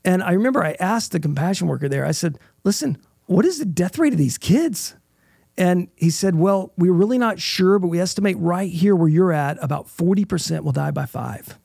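A man's voice: sits high, animated, brisk, creaky, darkish tone, husky, no room sound, clean studio sound. A middle-aged man, a guest in an interview, telling an emotional personal story in an earnest way and often checking in with "right?".

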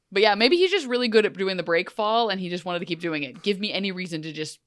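A woman's voice: medium pitch, lively intonation, fast talker. Giggly woman podcast co-host. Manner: giggly, joking. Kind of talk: casual podcast chat.

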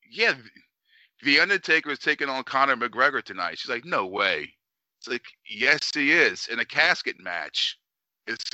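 Bright, profane New storyteller. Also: male voice, medium pitch, no room sound. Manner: animated, swears constantly, acts out quotes. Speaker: podcast co-host.

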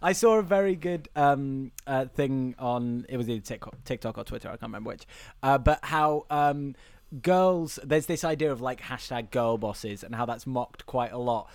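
A man's voice: medium pitch, normal speed, a little mellow, clear, resonant tone, no echo. A British man hosting a podcast, teasing his co-host and often breaking into laughter. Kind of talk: casual comedic chat.

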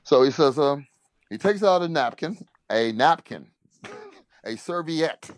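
A man, a former basketball player, telling a casual anecdote in an animated way, laughing often and repeating "he said". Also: on the high side, takes it slowly, dry recording.

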